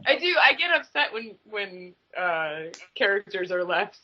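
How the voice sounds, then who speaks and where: Chatty, animated woman on a muffled recording. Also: mid-range voice, measured pace, slight background noise. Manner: chatty, animated, swears freely. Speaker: guest author. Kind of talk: casual podcast chat.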